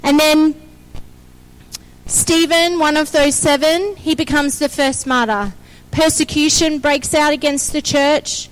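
High-voiced energetic woman preacher. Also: poor audio. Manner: energetic, exhorting, calls for amen. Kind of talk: sermon.

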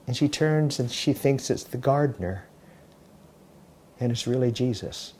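A man's voice: mid-range voice, a little slow, a little mellow, a little hiss or hum. A male pastor delivering a sermon, retelling stories dramatically, with frequent restarts.

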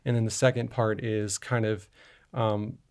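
A man's voice: lowish voice, little pitch movement, unhurried, a little mellow, clear, resonant tone. Man, podcast co-host, casual film chat, rambling, filler-heavy. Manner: rambling, many fillers and restarts.

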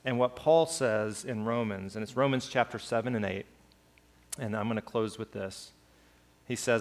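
A man preaching a sermon, reflective and measured as he closes. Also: fairly low pitch, vocal fry.

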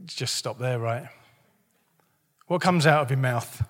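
A male pastor preaching a sermon in a church, lively and joking in a conversational way, his voice a bit hoarse. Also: medium pitch, drawn-out words, long pauses, in a large hall. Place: church hall.

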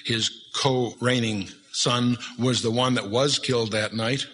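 A man's voice: mid-range voice, steady tone, a little slow, fairly bright tone, husky. A man teaching through a Bible chapter verse by verse, reading scripture and adding folksy joking asides. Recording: live hall with long reverb, faint hum.

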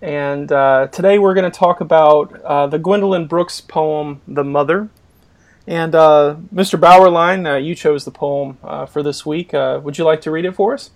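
A man's voice: fairly high pitch, normal speed. A man hosting a poetry podcast over a call, talking in a hesitant way with many fillers. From Boston area. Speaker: podcast host. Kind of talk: casual discussion, video call.

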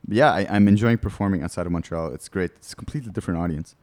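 A man's voice: sits low, racing, darkish tone, dry recording. A man, a comedian guest on a podcast, telling rambling candid stories in casual chat. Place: studio.

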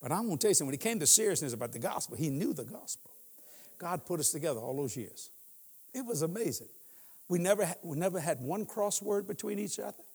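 Husky-voiced preacher in his sixties. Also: a little high, expressive, fast talker, darkish tone, in a large hall. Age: 60s. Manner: humorous storytelling, laughs often. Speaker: guest preacher. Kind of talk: sermon. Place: church.

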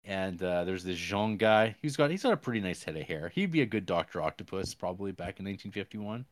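Man, podcast co-host, lowish voice, dry close sound, rambling casual film recap. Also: animated, dry recording. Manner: rambling, halting retelling of the plot with crude jokes. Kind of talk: casual movie review chat.

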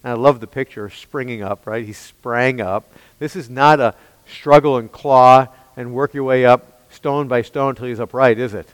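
A man's voice: mid-range voice, fairly even intonation, normal speed, dry recording, in a large hall, rough recording. A man preaching an expository sermon, emphatic and pressing his listeners with rhetorical questions. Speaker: pastor.

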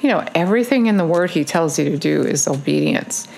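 A woman's voice: sits low, expressive, a little fast, vocal fry, a little mellow. A woman giving a casual video sermon, urging listeners in earnest, repetitive phrases with frequent ums. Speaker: online preacher.

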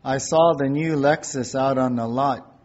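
A man voicing an excited wife shopping on the phone, gushing and stammering as she asks for things. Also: mid-range voice, a little slow, dull audio, lightly acted.

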